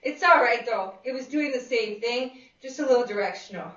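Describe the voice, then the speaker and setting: A woman's voice: fairly high pitch, normal speed, a bit bright. A woman fitness instructor leading a live seated exercise class, upbeat and encouraging, calling out counts and cheering the group on. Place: exercise room with a class present. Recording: echoey room, far from a dull lo-fi mic.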